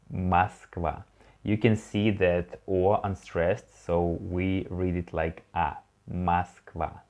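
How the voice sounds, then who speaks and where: Low-voiced, slow, relaxed male language teacher. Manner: relaxed, rambling, many fillers and self-corrections; slow, drawn-out demonstration of words. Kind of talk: casual online lesson. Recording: dull lo-fi home recording.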